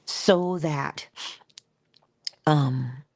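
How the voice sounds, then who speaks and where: A middle-aged woman giving an inspirational spiritual talk in a conversational, expressive way, slipping into little acted-out quotes. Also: low-pitched, very slow, gravelly, no echo, clean studio sound. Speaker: inspirational speaker.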